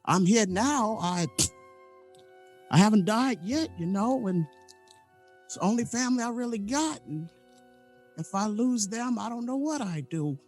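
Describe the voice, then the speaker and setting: A man voicing a high, rough-talking young student. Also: expressive, normal speed, darkish tone, soft background music. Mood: earnest. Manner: folksy, broken grammar.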